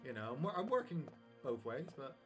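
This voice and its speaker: A man's voice: mid-range voice, big pitch swings, fairly quick. A man chatting casually on a live game stream, rambling and joking while he plays. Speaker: streamer playing a retro console game. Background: music.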